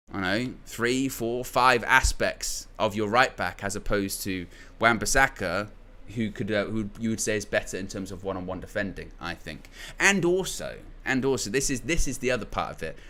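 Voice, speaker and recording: A man's voice: on the low side, pushed and bright. A young man hosting a football channel, giving casual opinion commentary in a rambling way, restarting phrases often and leaning on filler words.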